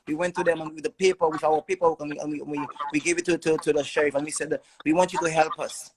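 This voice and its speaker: A man's voice: a little high, fairly even intonation, fast, crowd noise, low-quality recording. A man telling his own story as a father in an emotional testimony, urgent and repeating words in long stammering runs.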